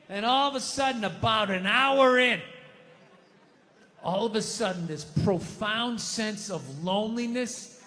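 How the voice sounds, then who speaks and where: A man in his fifties tells a loose, profane story on a comedy stage, rambling through filler words. His voice sits high and sharp. A long reverb from a big venue trails behind him. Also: measured pace. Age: 50s. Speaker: stand-up comedian. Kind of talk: stand-up storytelling.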